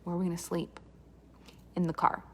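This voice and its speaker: A woman's voice: fairly low pitch, monotone, brisk, slight background noise. A woman from Canada telling a comic personal story with dramatic asides and quoted dialogue.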